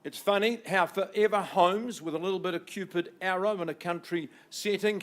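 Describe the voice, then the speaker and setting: A man opening a property auction with a theatrical, flowery sales pitch. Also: normal speed, a bit bright. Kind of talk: auction patter. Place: auction room.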